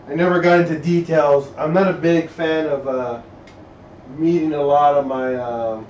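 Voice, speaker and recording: A man's voice: on the high side, a little hiss or hum. A man hosting a casual live stream from his garage while working on an engine, reading chat aloud and rambling with trailing thoughts and restarts. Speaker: livestream host working on an engine. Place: home garage workshop. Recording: echoey garage, far from a dull mic.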